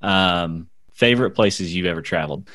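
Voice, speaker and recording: A man's voice: sits low, normal speed, a bit bright, no echo. A young adult man hosting a podcast in a casual, easygoing way, laughing often as he chats. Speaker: podcast host. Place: Arkansas.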